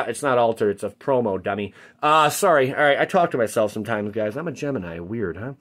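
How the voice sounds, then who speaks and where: A man hosting a casual card pack-opening video, joking to himself and shouting when he pulls a good card. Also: mid-range voice, brisk, hardly any pauses. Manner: excitable, jokey, shouts at big pulls. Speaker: card-opening channel host.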